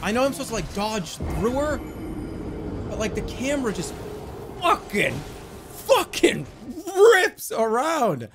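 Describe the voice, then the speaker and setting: Male streamer in his thirties, high, swooping voice, frustrated ranting with lots of swearing. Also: measured pace, noisy background. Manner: exasperated, swearing, animated ranting. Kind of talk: live gaming commentary. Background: faint game music.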